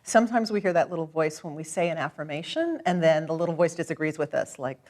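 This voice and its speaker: A woman coaching a client through a tapping session, calm, encouraging and gently directive. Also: low voice, fast.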